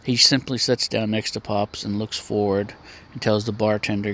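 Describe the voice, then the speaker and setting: A man telling a story in a casual, plainspoken, unhurried way, with a few restarts. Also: fairly low pitch, level tone, pushed and bright, a little hiss or hum.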